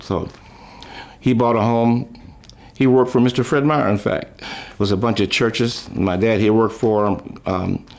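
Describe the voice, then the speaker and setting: An older man reminiscing about his life, telling rambling, folksy stories with chuckles, trailing off and restarting, and lifting his voice high when he quotes people. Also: darkish tone. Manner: raises his voice high when quoting others. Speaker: musician recalling his life. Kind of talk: rambling storytelling.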